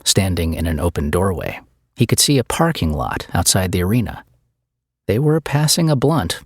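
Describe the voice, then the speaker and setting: A man narrating an audiobook in a scripted, expressive storytelling style. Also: low voice, slightly rough, dry recording, clean studio sound.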